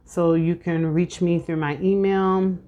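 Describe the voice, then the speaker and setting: Woman in her thirties, tarot reader, chatty, lowish voice, home vlog. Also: fairly even intonation, unhurried, mellow. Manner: chatty, filler-heavy and preachy. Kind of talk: casual tarot reading vlog.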